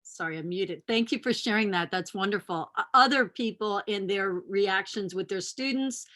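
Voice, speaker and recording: A woman's voice: medium pitch, normal speed, pushed and bright. Encouraging woman panel moderator. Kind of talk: moderating a video-call panel.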